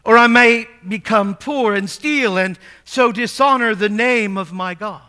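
Male preacher, high bright voice; reads scripture, asks questions, builds to emphatic peaks. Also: measured pace, clean tone. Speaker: pastor. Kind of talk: sermon.

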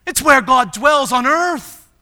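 A man preaching a sermon as pastor, moving from soft, low passages to loud, emphatic ones. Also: animated, slow pace. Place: church sanctuary. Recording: long hall reverb.

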